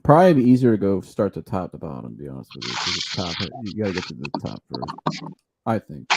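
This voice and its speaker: A young man hosting a live sports show, telling stories with loud impressions and chatting about rankings. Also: deep voice, fast, gravelly, very noisy. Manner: animated storyteller, loud impressions. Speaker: podcast host. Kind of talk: casual sports chat.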